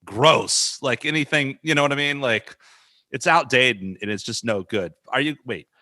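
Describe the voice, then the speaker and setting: A man's voice: mid-range voice, moderate pace, sharp tone, no room sound, clean studio sound. A male podcast host bantering in a crude, joking way with lots of swearing. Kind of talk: casual podcast chat.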